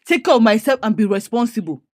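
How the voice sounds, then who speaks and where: A woman's voice: a little high, expressive, fast, no room sound, studio quality, lightly acted. A woman quoting a stubborn, struggling father. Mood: defensive. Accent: Nigerian. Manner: defensive, insistent.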